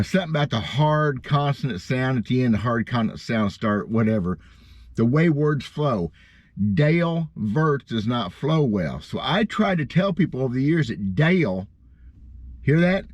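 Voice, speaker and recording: A man's voice: fairly high pitch, no echo. Folksy middle-aged man, rambling. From Missouri, USA. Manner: folksy, self-deprecating, drawn-out emphasis. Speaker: bass fishing vlogger. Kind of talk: casual rambling storytelling. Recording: dull lo-fi sound.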